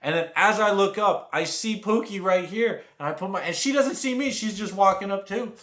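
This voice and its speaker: A young man telling a rambling, animated story to his viewers in a casual vlog. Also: high-pitched, moderate pace. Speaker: vlogger. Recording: echoey room.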